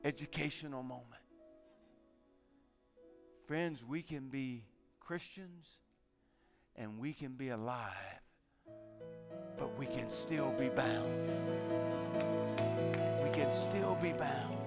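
An older man preaching as a guest speaker, telling stories in a halting way that often repeats words. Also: medium pitch, creaky, soft background music. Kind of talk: sermon.

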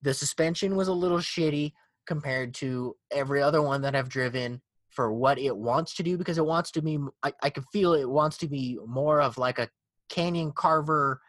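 A man's voice: fairly high pitch, normal speed, no echo. A man hosting a casual car podcast, swearing and laughing as he rants. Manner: profane, animated, laughing ranter. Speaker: podcast host.

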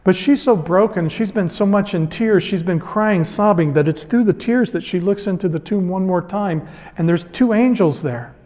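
A man's voice: sits high, normal speed, few pauses, darkish tone, in a large hall. A man preaching a sermon as a pastor, retelling a scripture story in an earnest, emphatic way.

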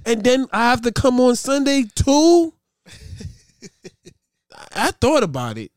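Podcast co-host, man, high voice, cursing storyteller, dry close sound. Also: slow, no room sound. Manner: profane, animated storytelling with quoted voices. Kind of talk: casual chat.

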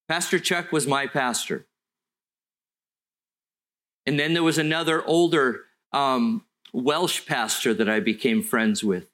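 A middle-aged man, preaching a sermon in an earnest storytelling way that slows for emphasis. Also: mid-range voice, fairly bright tone. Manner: earnest, storytelling, with slow deliberate stretches. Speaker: pastor.

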